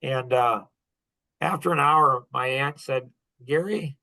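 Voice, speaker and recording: A man's voice: mid-range voice, takes it slowly, gravelly, sharp tone, no room sound. A middle-aged man hosting a podcast, telling a personal story in an earnest, heartfelt way, often restarting his sentences. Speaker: podcast host.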